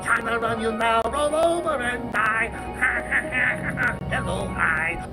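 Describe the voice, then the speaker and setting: A man's voice: very high voice, takes it slowly, exaggerated voice. A man voicing a male cartoon dragon who raps threats in broken English, in a parody song. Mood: menacing rap. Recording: played clip, loud music behind. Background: loud music.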